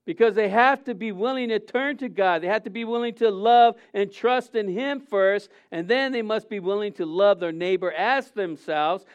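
A man with a high, smooth, resonant voice delivers an informal sermon at a moderate pace with hardly any pauses. He poses many rhetorical questions and stumbles over fillers and restarts, and the audio is slightly dull and muffled.

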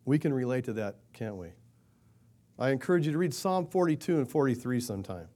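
Animated and brisk, a pastor delivers a chatty sermon full of rhetorical questions. When quoting prayers, he performs them in a louder, higher-pitched voice.

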